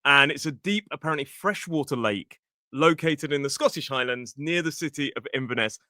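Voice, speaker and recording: A British man hosting an English-learning podcast, chatting casually and explaining vocabulary clearly. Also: a little high, brisk, pushed and bright, no echo, studio quality. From England. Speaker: podcast host and English teacher. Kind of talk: casual educational podcast chat.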